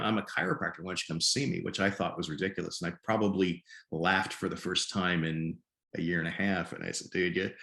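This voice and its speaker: A man in his fifties from Nebraska, a podcast guest telling his story in a halting way and often repeating words. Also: deep voice, fairly bright tone. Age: 50s. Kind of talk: conversational storytelling. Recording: roomy echo.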